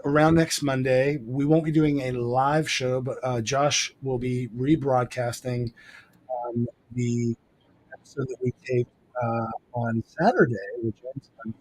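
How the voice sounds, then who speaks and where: A man co-hosting a podcast in loose, casual chat, his voice sitting at an ordinary middle pitch. He rambles, circling back with ums, uhs and restarts. He is heard over a remote call mic. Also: fairly even intonation, measured pace, darkish tone, a little hiss or hum. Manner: rambling, lots of fillers and restarts. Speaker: podcast co-host.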